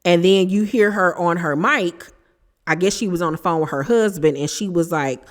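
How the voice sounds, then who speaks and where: Woman host, lower voice, chatty and sassy recapping a reality show, reverberant room. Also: normal speed. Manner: chatty, emphatic, sassy asides. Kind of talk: casual opinionated show recap.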